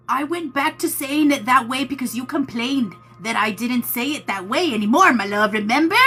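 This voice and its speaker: A woman's voice: high-pitched, normal speed, few pauses, a bit bright, breathy edge, faint music behind. A woman hosting a live tarot stream, talking casually with viewers in a chatty, teasing way and calling them "my love.".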